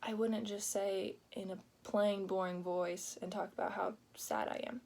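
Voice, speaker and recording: A young woman giving an informal class presentation, explaining plainly with pauses and the filler "like". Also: medium pitch, steady tone, gravelly, a little mellow. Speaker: student presenting a project.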